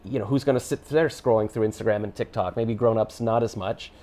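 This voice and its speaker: A man's voice: on the low side, fairly quick, warm tone. A man in his fifties hosting a casual chat, rambling and trailing off with lots of fillers. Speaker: host.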